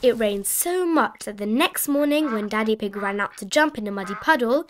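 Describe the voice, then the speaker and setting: A woman narrating a children's storybook aloud in an expressive, sing-song way. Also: a little high, normal speed, a little hiss or hum. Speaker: storybook reader. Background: background music.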